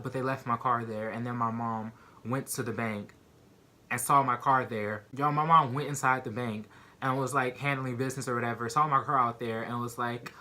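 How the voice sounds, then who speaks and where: A young man telling a personal story to his viewers in a casual, animated way, full of "like" and "y'all". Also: medium pitch. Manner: animated, addresses viewers as "y'all", many "like" fillers.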